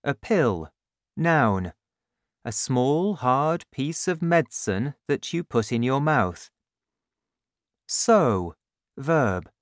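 A man reading a simple storybook aloud for learners, first going through new words, in a careful, deliberate way. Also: mid-range voice, sing-song, no echo, studio quality. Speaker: narrator of a graded reader. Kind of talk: slow, clear storybook narration with vocabulary list.

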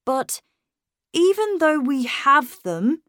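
A woman voicing a clever young boy who speaks in a smooth, polite way with a cold edge underneath. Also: sits high, sing-song, slow pace, fairly bright tone, dry recording, clean studio sound, pitched above the performer's own voice, full character voice. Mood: evasive.

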